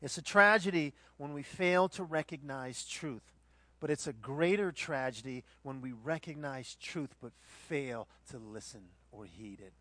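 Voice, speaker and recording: A man preaching a sermon, moving between hushed reflection and loud, dramatic retelling of the scene. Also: mid-range voice, a little slow, no room sound. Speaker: pastor.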